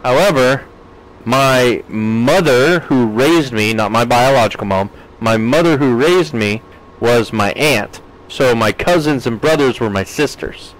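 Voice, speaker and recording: A man's voice: medium pitch, unhurried, rough recording. A man casually chatting with his live-stream audience while playing a farming game, reading out and answering chat comments with frequent laughs. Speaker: gaming streamer.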